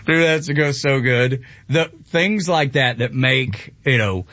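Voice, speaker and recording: A man's voice: medium pitch, takes it slowly, fairly bright tone, dry recording, lo-fi sound. A man with a Southern US accent, a country radio host chatting casually, laid-back and drawling, often laughing.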